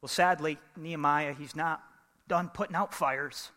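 Male pastor, high bright voice, lively sermon with call-and-response questions, long hall reverb. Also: measured pace. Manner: animated, humorous, asks the congregation questions.

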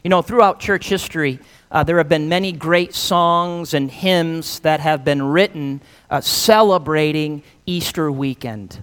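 A male pastor preaching an Easter sermon and reading scripture aloud, with earnest, drawn-out emphasis on key words. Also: on the high side, fairly bright tone, smooth. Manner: fillers between phrases. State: slightly out of breath.

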